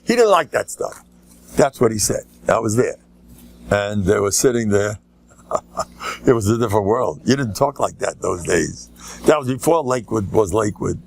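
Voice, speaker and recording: A man's voice: lowish voice, expressive, normal speed, vocal fry, darkish tone, no echo. An older man, a rabbi giving an informal lecture, telling stories with joking asides and rambling restarts. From United States. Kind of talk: informal Torah lecture with anecdotes.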